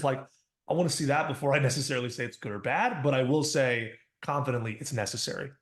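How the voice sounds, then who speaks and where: Confident male co-host, mid-pitched, explanatory, echoey room sound. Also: fast. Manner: confident, explanatory, acts out quoted voices. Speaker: co-founder and podcast guest. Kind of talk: casual podcast discussion. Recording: roomy echo.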